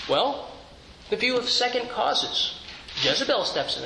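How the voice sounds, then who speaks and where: Bright-voiced male pastor preaching. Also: very high voice, sing-song, measured pace, gravelly. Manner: earnest, conversational, with rhetorical questions and restarts. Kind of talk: sermon. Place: church sanctuary. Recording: echoey church room, faint noise.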